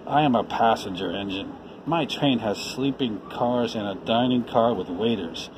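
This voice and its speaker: A man voicing a haughty, snooty male passenger engine in a storybook, slow and drawn out. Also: on the low side, noisy background, lightly acted.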